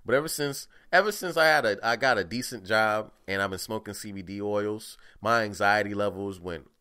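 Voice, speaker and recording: A man's voice: fairly low pitch, sharp tone, clean tone. A young man from the talking casually and profanely on his own podcast, ranting animatedly. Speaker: podcast host. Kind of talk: casual monologue.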